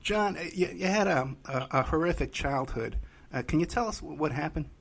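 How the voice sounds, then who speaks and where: A man's voice: on the high side, brisk, creaky. A man hosting a podcast interview, talking casually and loosely with many fillers. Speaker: host.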